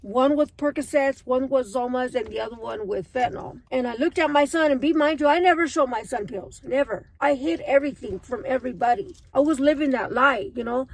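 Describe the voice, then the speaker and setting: A woman in her thirties with a fairly high voice, telling her personal story straight to her viewers. She talks in an earnest, emotional way, as if confiding in friends. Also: fairly quick, few pauses, slight background noise, low-quality recording.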